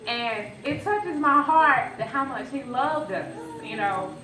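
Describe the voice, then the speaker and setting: A woman telling fond, gently humorous stories at her grandfather's funeral. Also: high voice, lively intonation, slow pace. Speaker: granddaughter giving a eulogy. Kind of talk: emotional memorial speech. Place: church funeral service. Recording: echoey hall, distant mic, crowd.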